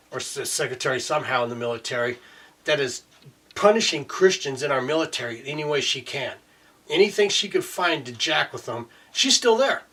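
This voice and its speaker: A man's voice: a little high, fairly bright tone, breathy edge. A man delivering a heated, profane rant to camera, peppered with "you know" fillers. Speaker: video blogger. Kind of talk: angry ranting monologue. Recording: voice distant from the mic.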